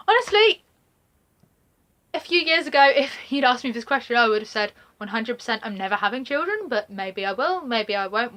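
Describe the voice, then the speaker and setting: A woman's voice: mid-range voice, a bit bright. A young woman with a regional British accent chatting to camera in a casual get-to-know-me vlog, rambling with many fillers and laughs. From Britain. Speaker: vlogger.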